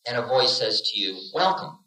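A man in his forties gives a playful spiritual lecture as a teacher, telling stories and acting out little voices. His voice is a little high and a bit bright, with lively intonation and a measured pace. It's a roomy 1970s lecture recording.

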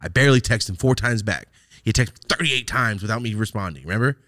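A man hosting a podcast, telling a story in casual chat, animated and profane with loud outbursts. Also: lowish voice, fast, no echo, studio quality. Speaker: podcast host.

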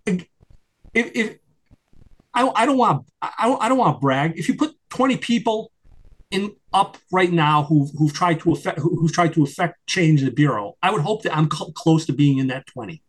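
Older guy, husky voice a bit high, rambles n restarts, gets squeaky when fired up. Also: lively intonation, normal speed. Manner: rambling with many restarts, rising in pitch when worked up. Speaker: guest, retired FBI agent and attorney. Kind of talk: conversational interview.

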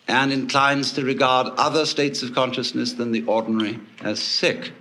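A man giving a public lecture to an audience, telling stories in a wry, animated way with swooping emphasis. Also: a little high.

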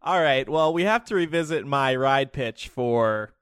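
A man's voice: medium pitch, expressive, a little slow, a bit bright, clear, resonant tone, dry recording, studio quality. A man hosting a podcast, chatting playfully and moving the show along. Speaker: podcast host. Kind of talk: casual podcast chat.

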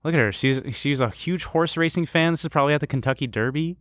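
A man's voice: on the high side, fast talker, fairly bright tone, no room sound, studio quality. A man co-hosting a casual sports podcast, joking and swearing freely as he chats. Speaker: podcast co-host. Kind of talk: casual chat.

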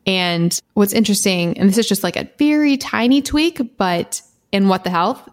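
A woman's voice: mid-range voice, animated, normal speed. A woman co-hosting a podcast, reading her own writing aloud in an earnest, impassioned way and laughing now and then. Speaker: podcast co-host.

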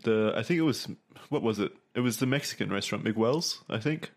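A man's voice: lowish voice, lively intonation, a little fast. Man co-host who stumbles through his points in casual podcast talk. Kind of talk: casual chat.

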